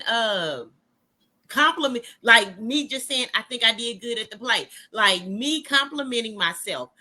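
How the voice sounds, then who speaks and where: A woman co-hosting a casual podcast, telling personal stories animatedly and acting out what people said. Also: fairly high pitch. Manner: animated storytelling, acts out quotes. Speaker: podcast co-host.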